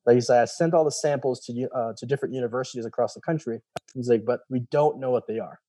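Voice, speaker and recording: Talking at a quick pace, a young adult guest with a dark mid-range voice rambles loosely through his own story, relaying others' words with "he's like." The recording has no room sound.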